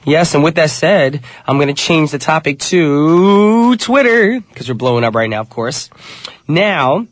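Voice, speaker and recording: Upbeat male radio DJ, a little high-pitched, nasal from a cold, dry studio sound. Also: expressive, a little slow, dry recording. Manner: upbeat, chatty, addresses listeners as you guys. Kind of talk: casual radio DJ patter.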